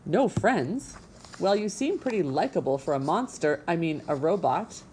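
A woman's voice: fairly low pitch, lively intonation, moderate pace, darkish tone, a little hiss or hum, natural voice. Lady doing a stubborn beaver dad, grumbly and folksy, storybook voice. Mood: gruff, folksy. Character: gruff, stubborn male beaver, father.

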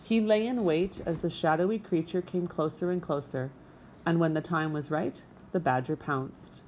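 Warm-voiced woman reading a storybook. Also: low voice, slight background noise. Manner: expressive and measured. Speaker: audiobook narrator. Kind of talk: storybook narration.

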